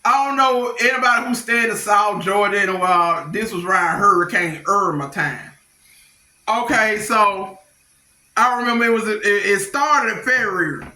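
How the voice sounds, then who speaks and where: A middle-aged woman telling stories on her vlog in an animated, blunt, slangy way, quick to laugh. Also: mid-range voice. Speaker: vlogger. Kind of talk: casual storytelling. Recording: echoey room.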